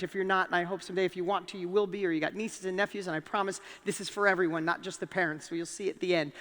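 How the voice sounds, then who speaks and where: A man's voice: high voice, fairly bright tone. A man giving a motivational talk to a live audience from a stage, telling stories with animation and putting questions straight to the crowd. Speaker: motivational speaker. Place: stage in a large hall. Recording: long hall reverb.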